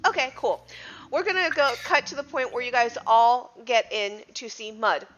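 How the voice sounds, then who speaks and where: A woman's voice: on the high side, expressive, normal speed, fairly bright tone. A woman narrating as game master of a tabletop superhero game, easygoing and laughing along with her players. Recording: dull lo-fi podcast audio.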